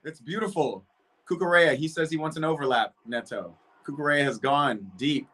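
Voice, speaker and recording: A man hosting a live football watch-along from home, reacting loudly to the match and chatting with viewers. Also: on the high side, a little fast. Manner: excitable, shouts at big chances, chatty with chat. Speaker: watch-party streamer.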